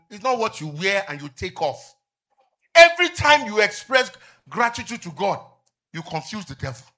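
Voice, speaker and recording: A middle-aged man preaching a sermon as pastor, asking the congregation to finish his lines and rising to shouts. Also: sits high, slight background noise. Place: church with outdoor canopy seating.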